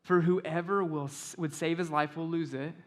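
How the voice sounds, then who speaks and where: A man in the pulpit with a fairly high voice, talking through his sermon in a loose, conversational way. He reads scripture slowly and softly, then pushes louder and more emphatic as he drives a point home. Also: steady tone. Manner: conversational preaching, building to loud emphatic stretches. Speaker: pastor.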